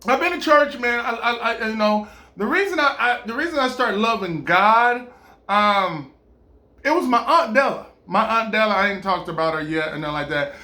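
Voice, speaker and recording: Man, high bright voice, animated rambling chat, stammers, echoey room. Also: normal speed. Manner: animated, stammering, laughs often, jumps into playful impressions. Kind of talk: rambling casual monologue.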